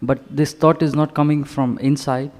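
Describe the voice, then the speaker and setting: A man asking a question from the audience, with a halting, hesitant delivery. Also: fairly high pitch, flat delivery, darkish tone. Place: large meeting hall. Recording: distant in a reverberant hall.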